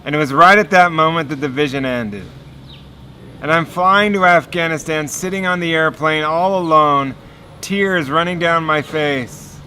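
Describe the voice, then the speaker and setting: A man telling a personal faith story in an earnest, animated sermon style. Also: on the high side, unhurried, a little hiss or hum. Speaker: speaker giving a testimony.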